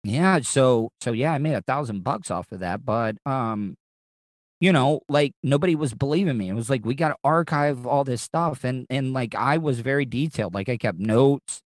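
A man hosting a podcast in loose, casual chat. He rambles and keeps restarting his sentences, and he swears freely. His voice sits at a middling pitch and sounds close and dry. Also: expressive, normal speed, no echo. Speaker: podcast host.

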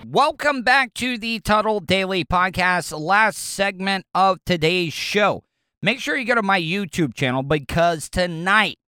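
Heard in a dry, studio-quality recording, this Southern American podcast host has a high, bright, clear voice that is forceful and resonant. Flying solo, he chats loosely and rambles, repeating words as he goes.

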